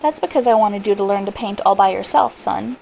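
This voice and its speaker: A woman's voice: mid-range voice, fairly quick, gravelly, dark tone, a little hiss or hum, close to an everyday voice, poor audio. A woman reading as a brooding, exasperated father. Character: stern worried father of two.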